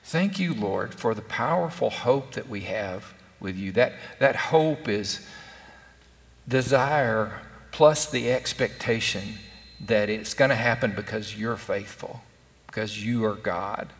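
A man preaching a conversational sermon as pastor, filling pauses and asking rhetorical questions, recorded live in a church sanctuary. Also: on the low side. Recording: live church broadcast with long reverb.

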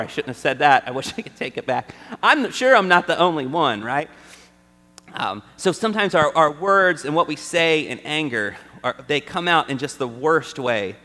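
A man with a fairly high, bright and forceful voice gives a chatty, conversational sermon, often asking his listeners "right?". His words ring out with a long reverb through a large church hall. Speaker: preacher.

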